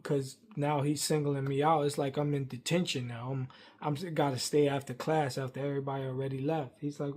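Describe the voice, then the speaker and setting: A man, venting a rambling workplace story to camera, swinging from loud outbursts to muttering. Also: flat delivery, a little fast. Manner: heated, rambling, acts out quotes loudly then drops low.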